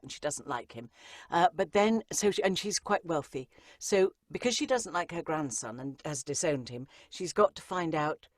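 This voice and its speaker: Low-voiced chatty woman narrator. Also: no echo, studio quality. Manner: chatty, lively, frequent ums and asides. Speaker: audiobook narrator, guest. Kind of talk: conversational interview answers.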